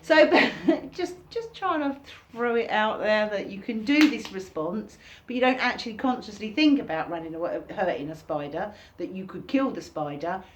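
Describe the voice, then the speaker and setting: A woman giving an informal recorded workshop lesson, talking casually and acting out reactions in sudden high bursts. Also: lively intonation, normal speed, hardly any pauses, slight background noise. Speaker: workshop teacher.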